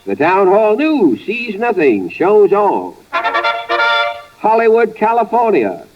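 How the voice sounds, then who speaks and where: Slow, dry-wisecracking radio comedy host. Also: male voice, high voice, wildly swooping pitch, faint music behind. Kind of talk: 1930s radio comedy patter. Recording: dull 1930s radio broadcast with faint hiss.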